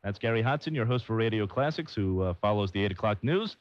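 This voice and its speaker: A man hosting a call-in sports radio show, bantering and joking quickly with callers and a colleague. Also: lowish voice, lively intonation. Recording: dull lo-fi AM radio broadcast.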